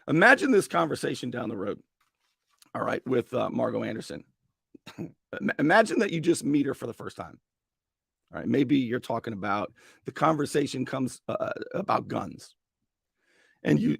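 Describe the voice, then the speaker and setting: A male talk radio host with a strained, gravelly voice, giving an opinionated monologue and acting out mock dialogue. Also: moderate pace, long pauses, dry recording, clean studio sound. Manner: animated, acts out mock dialogue with sudden high-pitched bursts. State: strained voice after a long day.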